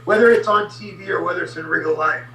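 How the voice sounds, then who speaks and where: A man's voice: high-pitched, fast, vocal fry, fairly bright tone, reverberant, recorded from a distance, low-quality recording. A man guest animatedly telling an anecdote in a podcast interview, adding sound effects.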